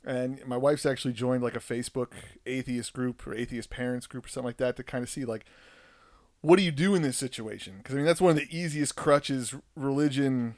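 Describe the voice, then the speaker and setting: A man's voice: mid-range voice, a little fast, no echo, studio quality. A man in his thirties telling a casual, rambling story as a parent, joking at his own expense. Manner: rambling and self-deprecating, with frequent restarts; animated when acting out quotes. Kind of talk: casual monologue.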